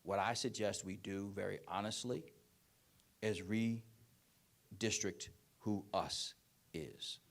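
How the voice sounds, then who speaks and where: A man giving a keynote speech and answering audience questions, telling stories with emphatic, repeated phrasing. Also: low-pitched. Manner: animated storytelling, acts out parents and children in quick voices; emphatic, repetitive rhetorical phrasing. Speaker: keynote speaker.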